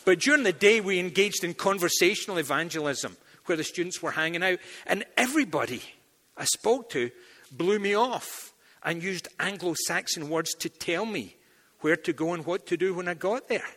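A man preaching a sermon, telling stories in an animated way and acting out the dialogue. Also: high voice, moderate pace. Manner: animated storytelling, acts out dialogue. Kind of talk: sermon with anecdotes. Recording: long hall reverb.

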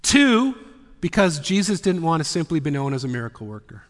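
A male pastor with a somewhat high voice delivers a sermon, often falling into dramatic whispers before rising again. His words ring out with the long reverb of a large hall. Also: lively intonation, quick pace. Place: church sanctuary.

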